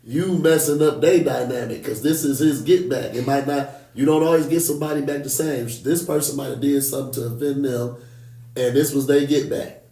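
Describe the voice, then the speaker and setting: A man in a podcast panel chat, talking casually with lots of slang and quick asides. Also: medium pitch, steady tone, dark tone. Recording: echoey room, far from mic.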